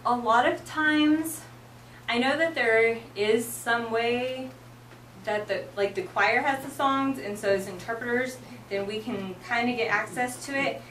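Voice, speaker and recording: A young woman explains to her class in a loose, chatty way, acting out song lyrics and filling her talk with "like" and "um." Her voice sits a little high. She is recorded from across an echoey classroom with a faint hiss behind her. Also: unhurried, a bit bright. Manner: chatty, lots of "like" and "um", acts out lyrics. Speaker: sign language teacher. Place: classroom with students. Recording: echoey room, voice from far off.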